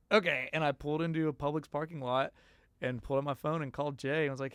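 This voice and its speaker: Brief: male songwriter guest, animated storyteller, slightly higher voice, dry studio sound. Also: racing, clear, resonant tone, dry recording. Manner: animated, acts out quoted voices. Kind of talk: casual storytelling interview.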